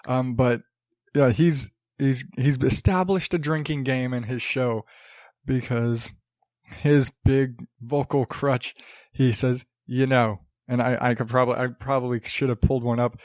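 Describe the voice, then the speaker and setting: A man's voice: mid-range voice, fairly even intonation, unhurried, a little mellow, dry recording, studio quality. A man hosting a solo podcast, rambling casually with many fillers, restarts and swearing. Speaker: podcast host.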